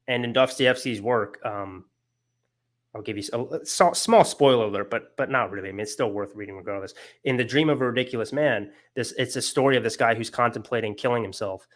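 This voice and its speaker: A man's voice: medium pitch, a little fast. A young man giving a casual philosophy lecture, earnest and emotional, with many fillers and restarts.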